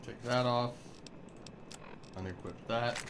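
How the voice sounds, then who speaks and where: A man's voice: mid-range voice, fairly even intonation, slow pace, noisy background. A man who is a streamer and voice actor, rambling and thinking aloud in casual gameplay commentary.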